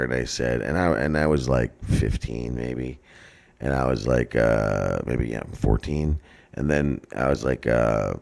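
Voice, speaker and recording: A man in his forties telling a rambling, profane story in casual podcast chat, halting often with filler words. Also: a bass voice, vocal fry, darkish tone. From New Jersey. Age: 40s. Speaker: podcast co-host.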